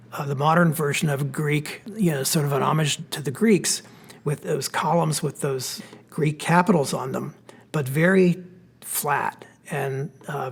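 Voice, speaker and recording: A man with a Pennsylvania accent, an architect giving a relaxed, explanatory slide lecture with plenty of fillers. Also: on the high side, slightly rough. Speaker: architect giving a history talk. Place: church hall.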